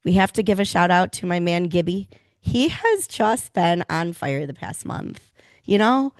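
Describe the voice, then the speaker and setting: A woman co-hosting a podcast, chatting casually and telling stories with animated enthusiasm. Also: fairly low pitch, unhurried, no echo. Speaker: podcast co-host. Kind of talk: casual chat.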